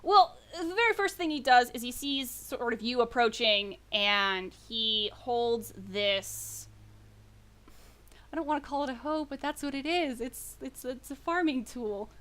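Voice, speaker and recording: Woman, game master, high voice, rambling, self-correcting. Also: unhurried, a bit bright. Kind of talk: narrating a tabletop game.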